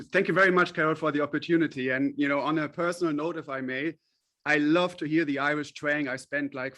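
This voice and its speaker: Talkative man, CEO guest, voice slightly high. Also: a bit bright. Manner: talkative, many fillers and restarts, explaining at length. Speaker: company CEO, interview guest. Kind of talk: podcast interview.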